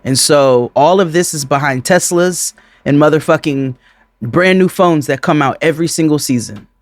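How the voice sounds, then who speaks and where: A man co-hosting a podcast in casual chat, animated and profane, often breaking into laughter. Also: fairly high pitch, moderate pace, dry recording. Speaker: podcast co-host.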